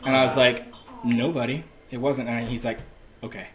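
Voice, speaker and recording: A young man, a father, telling a lively anecdote in a casual chat and acting out his small son's questions. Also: mid-range voice, moderate pace. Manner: animated anecdote-telling, acts out a child's questions. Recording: roomy sound with crowd chatter.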